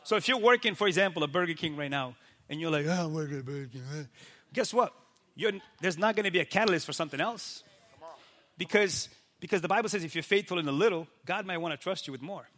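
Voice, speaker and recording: High, bright-voiced animated pastor man. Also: fast. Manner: animated, keeps asking "right?" and acts out quoted people. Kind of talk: casual faith talk.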